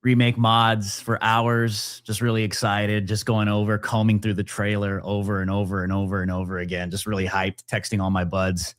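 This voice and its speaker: A man chatting as a guest on a casual podcast, excited and rambling with many restarts. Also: fairly low pitch, moderate pace, hardly any pauses, dry recording, clean studio sound.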